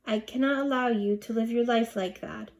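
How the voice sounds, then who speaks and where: A woman's voice: fairly high pitch, normal speed, lightly acted. A woman reading the part of a determined, impatient mother in a storybook. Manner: sharp, impatient.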